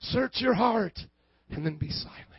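A man preaching a sermon with fervor, acting out both sides of arguments and building to shouts. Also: high voice, lively intonation, unhurried, husky, no room sound, lo-fi sound.

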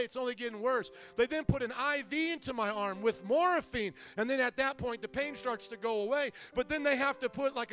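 High-voiced middle-aged pastor preaching. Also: male voice. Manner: humorous storytelling, animated. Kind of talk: sermon.

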